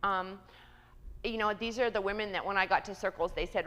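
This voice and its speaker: A woman who works as a church outreach coordinator, giving a candid personal testimony in a conversational way, with many pauses and ums. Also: mid-range voice, fairly even intonation, bright, forceful tone. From Kansas, US. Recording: reverberant church hall.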